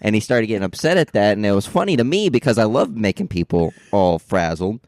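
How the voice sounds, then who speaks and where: A man's voice: fairly low pitch, animated, a little fast, a little mellow, dry recording, studio quality. A man co-hosting a casual podcast chat, joking crudely and provocatively. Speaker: podcast co-host.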